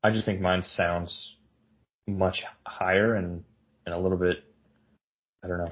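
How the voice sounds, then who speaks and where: A man co-hosts a casual podcast chat, talking in a lowish voice. He is animated and self-mocking, and he jokes readily. The audio is slightly dull and lo-fi. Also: unhurried. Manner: animated, jokey, self-deprecating. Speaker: podcast co-host.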